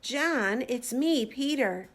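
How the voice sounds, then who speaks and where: A woman voicing Peter, a frightened, desperate grown man who pleads and shouts denials. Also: high-pitched, lively intonation, slow pace, pitched above the performer's own voice, exaggerated voice. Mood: pleading.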